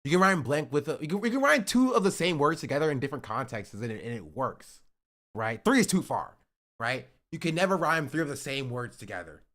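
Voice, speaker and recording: A streamer with a fairly high voice reacts to rap clips on a live stream, talking fairly quickly. He's casual and chatty, laughs often and breaks into excited shouts.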